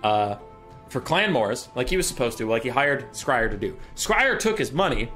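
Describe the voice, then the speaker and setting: A man's voice: mid-range voice, sing-song, normal speed, pushed and bright, faint music behind. A man casually retelling a book's plot for laughs, sarcastic and profane. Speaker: storyteller. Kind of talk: casual comedic lore retelling.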